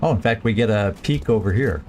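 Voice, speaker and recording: A man's voice: lowish voice, a little mellow, faint music behind. Man thinking aloud over a strategy game. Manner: thinking aloud, halting restarts, planning moves. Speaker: gameplay streamer. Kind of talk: casual let's-play commentary.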